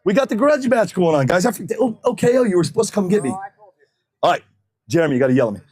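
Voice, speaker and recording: A man's voice: high voice, sing-song, fast talker. A man announcing races on a live stream from an outdoor track, joking and chatty, wearing a body mic, a bit out of breath. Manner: joking, chatty, loud calls to the crowd. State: slightly out of breath. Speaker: race announcer. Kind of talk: casual live-stream commentary. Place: outdoor drag racing track. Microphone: wireless mic worn on body.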